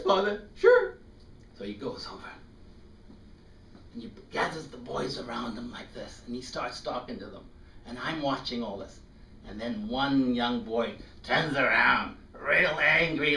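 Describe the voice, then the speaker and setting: A man in his fifties from South Africa, telling a personal story to an audience in an animated way and acting out the voices. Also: mid-range voice, unhurried. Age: 50s. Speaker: speaker. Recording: echoey room, distant mic, faint noise.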